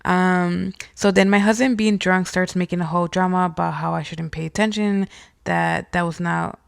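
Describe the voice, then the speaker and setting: A young woman a gravelly, creaky voice, hosting a casual podcast. She reads listener stories aloud and reacts bluntly, swearing freely. The sound is dry and close, no room echo. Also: on the low side, fairly even intonation, normal speed. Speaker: podcast host.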